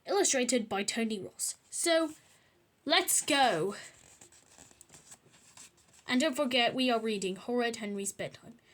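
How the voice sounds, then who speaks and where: A woman's voice: on the high side, expressive, slow pace, long pauses, a bit bright. A woman reading a children's book aloud, adding chatty asides. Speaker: storyteller.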